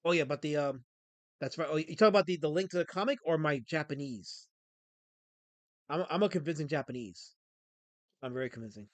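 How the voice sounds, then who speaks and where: This livestream host, a Pennsylvania man, has a fairly high-pitched voice with a scratchy throat, captured in a dry recording. His casual chat with viewers wanders and is full of jokes.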